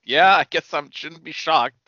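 A man's voice: on the high side, moderate pace, bright, forceful tone, dry recording, dull audio. A man co-hosting a casual podcast, laid-back and profane, reading out episode titles and stumbling over the pronunciation. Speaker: podcast co-host.

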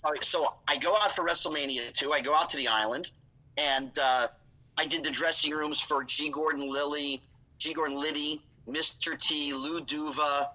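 A man's voice: on the high side, steady tone, moderate pace, pushed and bright, rough recording. A man telling a long story as a podcast guest, rambling with asides and acting out both sides of conversations. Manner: rambling, full of asides and acted-out dialogue. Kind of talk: casual storytelling.

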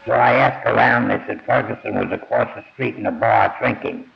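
Gravelly older man telling old stories. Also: on the low side, a little fast. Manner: plain-spoken, blunt, swears casually. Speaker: storyteller. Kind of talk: first-person memoir storytelling. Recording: dull lo-fi audio.

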